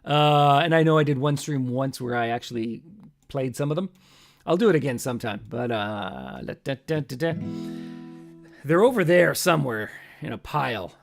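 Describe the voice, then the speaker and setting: A man's voice: mid-range voice, animated, moderate pace, gravelly, faint music behind. A man hosting a live stream from his home, chatting between songs in a rambling, self-mocking way and muttering to himself.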